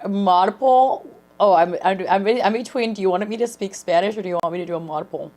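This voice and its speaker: A woman streamer chatting casually and excitedly with her viewers while reacting to a sermon. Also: medium pitch, fast. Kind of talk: casual watch-along commentary.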